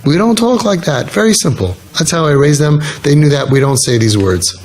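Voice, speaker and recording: A middle-aged man giving a casual talk on parenting, telling stories in an animated way and repeating key lines for emphasis. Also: a little high, fairly quick, a little hiss or hum. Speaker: speaker on parenting and youth work.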